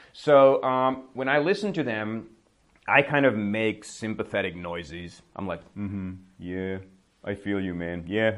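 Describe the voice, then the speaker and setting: A man teaching a conversational English lesson, telling a story casually and acting out what people mutter. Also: fairly low pitch. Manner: storytelling, acts out mumbling voices, laughs often; bilingual, switches to Czech to explain.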